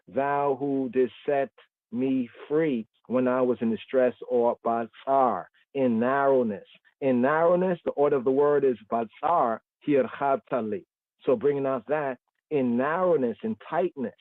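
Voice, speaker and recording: A man teaching a Bible study on a livestream, slow and deliberate, repeating words and often checking in with "right?". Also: medium pitch, no room sound. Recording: tinny phone-line sound, dry.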